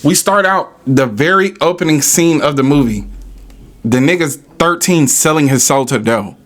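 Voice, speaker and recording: A man's voice: a little high, moderate pace. A man hosting a podcast, ranting in a casual, profane, argumentative way. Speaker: podcast host.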